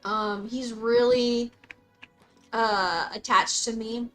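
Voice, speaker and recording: A young woman streaming a game, chatting casually with her viewers in a bubbly, excitable way, often breaking off to talk to her dog. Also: on the high side, takes it slowly, soft background music. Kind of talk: casual live-stream chat reading comments. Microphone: desk mic, dog close by.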